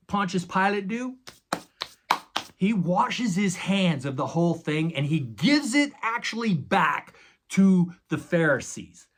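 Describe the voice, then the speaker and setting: A pastor preaches a sermon, retelling a story dramatically with acted-out quotes and sound effects, and makes casual asides calling his listeners "guys." His voice sits high, and there is a little hiss or hum in the recording.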